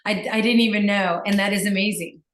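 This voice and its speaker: A woman's voice: mid-range voice, fairly even intonation, brisk. Woman, breathwork teacher, gushing, chatty, echoey room. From Virginia, US. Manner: enthusiastic, gushing, with many fillers and restarts. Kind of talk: casual conversation.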